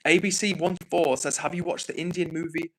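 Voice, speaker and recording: A man's voice: a little high, steady tone, fairly quick, a bit bright, poor audio. A man hosting a casual livestream, reading viewer comments aloud and chatting back in a rambling, apologetic way. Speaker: livestream host. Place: home in the north of England.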